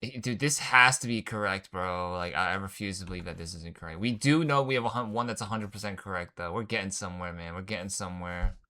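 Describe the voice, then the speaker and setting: A man's voice: deep voice, fast talker, few pauses, bright, forceful tone. A man casually commenting while he plays a puzzle game, thinking aloud and muttering guesses in slangy talk. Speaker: gaming channel host. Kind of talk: casual let's-play commentary.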